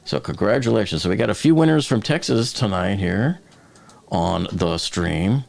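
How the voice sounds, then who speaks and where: A man's voice: fairly low pitch, animated, normal speed, creaky, a little mellow. A man from the Boston area hosting a live stream, chatting casually, joking and reading viewer comments aloud.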